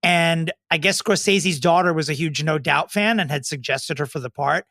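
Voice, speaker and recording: A man co-hosting a comedy podcast with a bright, sharp tone, recorded dry and close. He fires off quick, sarcastic quips in casual banter. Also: a little high, vocal fry, no room sound. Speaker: podcast co-host.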